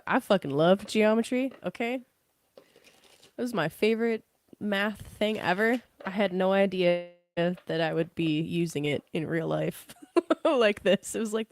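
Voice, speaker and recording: A woman's voice: lowish voice, a little slow. A young woman giving a casual live tarot reading, chatty, laughing often and swearing freely. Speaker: tarot reader.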